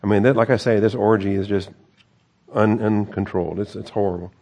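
This man works through a Bible passage, reading it and then talking it over casually, with wry, self-correcting asides between verses. His relaxed, mellow voice is lowish and fairly quick.

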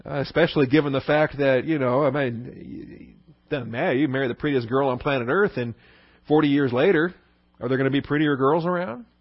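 A man's voice: medium pitch, a little fast, no echo, lo-fi sound. A man teaching a Bible lesson in a conversational sermon style, often asking the listeners "okay?". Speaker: pastor.

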